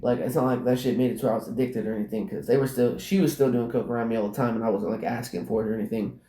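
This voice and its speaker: A man's voice: medium pitch, steady tone, very fast, mellow. A man telling a personal story in casual, rambling speech, packed with "like" and swearing. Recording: roomy echo.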